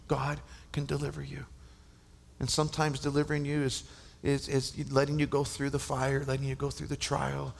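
A man preaching a sermon at a men's conference, impassioned, often stammering and restarting, and dropping to a hushed whisper for effect. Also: medium pitch, completely flat delivery, normal speed, vocal fry. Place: large conference hall. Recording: long reverb of a large hall.

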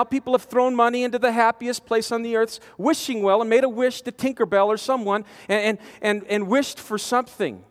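A man preaching a storytelling sermon, animated, with stammering restarts, swinging from loud to hushed. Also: high voice. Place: large conference hall. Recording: long reverb of a conference hall.

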